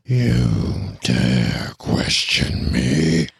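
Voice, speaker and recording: A woman voicing a male dwarf possessed by an ancient spirit, speaking very slowly in a deep, pained, gravelly voice. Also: big pitch swings, no echo, studio quality, full character voice. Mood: menacing.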